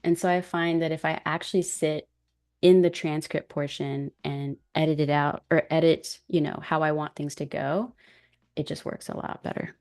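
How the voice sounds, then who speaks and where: Low-voiced woman with African American English. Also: normal speed. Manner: relaxed, self-deprecating, laughs often. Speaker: guest video creator. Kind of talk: casual tutorial chat.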